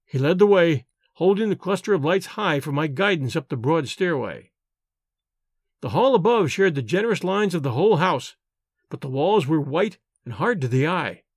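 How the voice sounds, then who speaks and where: A man reads a novel aloud in the first person, his voice rising and falling with animated expression. The pitch sits a little high for a man, and the sound is close and dry with no room around it. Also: normal speed, slightly rough, dry recording. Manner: expressive, lively storytelling. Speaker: audiobook narrator.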